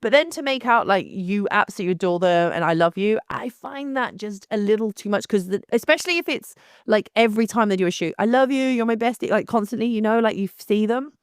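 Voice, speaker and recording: Blunt, animated woman podcaster. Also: medium pitch, a little fast, few pauses, clean tone, no echo, clean studio sound. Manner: blunt, animated, frequent restarts and laughs. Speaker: photographer hosting her own podcast. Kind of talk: casual monologue.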